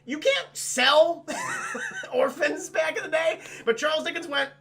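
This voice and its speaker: Streamer recapping a film for chat: a high, gravelly male voice with a bright edge, profane and rambling. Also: expressive, unhurried. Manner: profane, rambling, mocking impressions. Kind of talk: crude comedic film recap.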